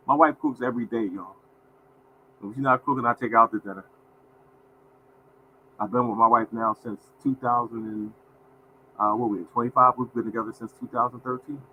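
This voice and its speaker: A man's voice: mid-range voice, fairly even intonation, moderate pace, long pauses, phone-quality sound, a little hiss or hum. A man in his fifties hosting a casual livestream, folksy and repetitive, often calling out to viewers as y'all. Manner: folksy, repeats phrases, addresses viewers as y'all. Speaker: livestream host.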